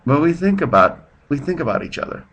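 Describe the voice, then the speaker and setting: A man's voice: a little high, very animated, brisk, a bit bright, breathy edge. Rambling man hosting a home podcast. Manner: rambling, self-deprecating, tells jokes with bits of voices. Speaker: podcast host. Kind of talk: off-the-cuff casual monologue. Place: at home, drinking beer while his partner sleeps.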